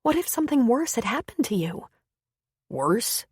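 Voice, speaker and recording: A woman voicing an earnest, anxious young woman in an audiobook, in a soft pleading tone. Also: fairly high pitch, very animated, moderate pace, husky, no echo, clean studio sound, voice pushed up.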